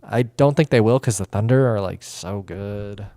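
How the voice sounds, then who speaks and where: Relaxed smooth-voiced young man chatting. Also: lowish voice, normal speed, dry recording, studio quality. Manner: laid-back, lots of fillers and laughs. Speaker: podcast co-host. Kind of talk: casual chat.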